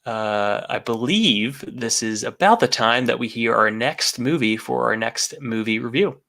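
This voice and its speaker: A man co-hosting a podcast in casual chat, jokey, with many filler pauses. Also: medium pitch, lively intonation, vocal fry, sharp tone. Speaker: podcast co-host.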